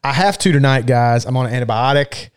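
A man's voice: medium pitch, fast talker, clear, resonant tone. A young man co-hosting a live stream, chatting casually in laid-back, profane banter while getting over a mild sinus infection. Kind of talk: casual chat.

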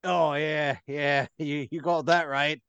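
A man voicing a gruff male town guard who barks "oi" and then turns apologetic and rambling. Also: a little high, steady tone, slow, fairly bright tone, no room sound, highs cut off. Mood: flustered.

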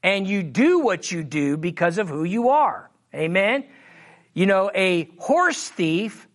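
The mid-range voice swings widely in pitch as this preacher works through a Bible teaching. Scripture is read slowly with emphasis, and he frequently asks "Amen?" and "All right?"

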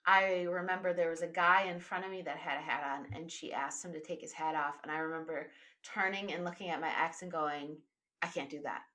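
Young adult woman, bright, crisp tone, casual chatty storyteller. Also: low-pitched, brisk. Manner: animated storyteller, laughs often. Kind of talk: casual chat.

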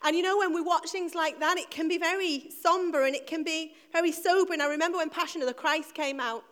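A woman's voice: very high voice, fast, a bit bright. A middle-aged woman preaching an Easter sermon to her church, telling a personal story and building to emphatic, repeated lines.

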